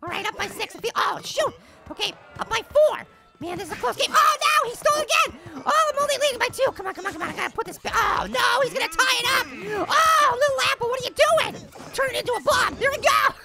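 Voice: extremely high pitch, gravelly, heavy background noise, exaggerated voice. A voice actor playing a tiny, cheeky cartoon apple who plays a basketball video game and trash-talks the opponents. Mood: excited trash talk. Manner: trash-talking, excitable, quick banter at the game. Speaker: gaming channel host. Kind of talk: cartoon character game commentary.

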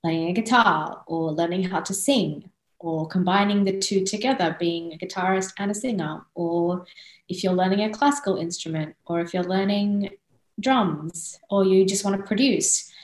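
A woman's voice: fairly low pitch, normal speed, reverberant, low-quality recording. A singer-songwriter woman in her thirties, from Australia, chatting casually as a podcast guest and laughing often.

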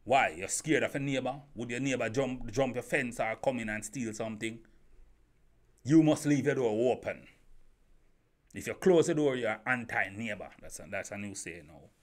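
A man's voice: medium pitch, normal speed. Man ranting to camera. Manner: rhetorical questions, repeats himself, stumbling restarts. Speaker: YouTube commentator. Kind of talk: opinion monologue to camera.

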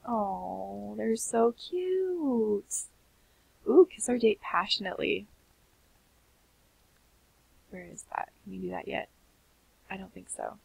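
A young woman giving sleepy, chatty commentary on a life-sim game, often slipping into soft half-whispers. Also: mid-range voice, a little slow, gravelly, pauses often, breathy edge, rough recording. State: sleepy, keeps yawning. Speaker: gaming channel host. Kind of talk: casual gameplay commentary.

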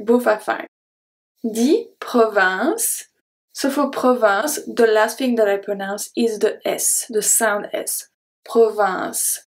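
A woman teaching a French pronunciation lesson. She says each word slowly, repeats it, then explains it patiently. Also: fairly high pitch, darkish tone.

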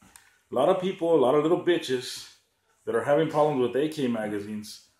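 A man's voice: medium pitch, moderate pace, darkish tone. A man ranting in a profane, sarcastic vlog, often mocking others by raising his voice. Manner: heated, sarcastic, swears a lot, mocks others in a raised voice. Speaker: gun channel vlogger. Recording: echoey room.

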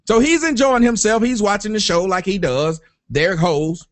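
A man hosting an online talk show, ranting loudly and profanely in a comic style. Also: high-pitched, moderate pace, few pauses, soft background music. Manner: loud, profane, animated, breaks into sung chants. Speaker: host.

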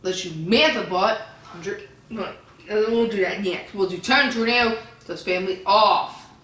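A woman vlogger reading viewer comments aloud and answering them with a profane, insulting rant, often yelling. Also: mid-range voice, measured pace. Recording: roomy echo, distant from the mic.

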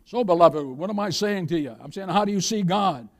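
A man's voice: sits high, expressive, fairly quick. A man preaching a sermon as pastor, swelling his voice for emphasis and calling out to the congregation.

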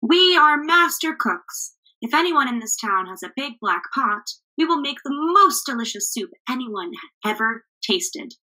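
A woman's voice: sits high, sing-song, measured pace, pushed and bright, slightly rough, voice pushed up, full character voice, poor audio. A woman reading aloud and voicing a pair of clever, hungry travelling cooks in a bouncy, sing-song storybook manner. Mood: excited.

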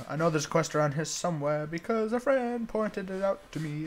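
A young man commentating a zombie game as he plays, joking around, humming along and yelling in panic when attacked. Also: fairly high pitch, expressive, fairly quick, few pauses, a little hiss or hum. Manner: jokey, shouts and yelps in panic, hums along. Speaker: gamer. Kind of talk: let's play commentary.

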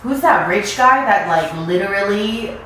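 Lively woman co-host, distant and echoey. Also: medium pitch, a little slow, slight background noise. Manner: playful, reactive, teasing questions. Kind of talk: casual chat on an eating show. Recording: echoey room, voice off-mic.

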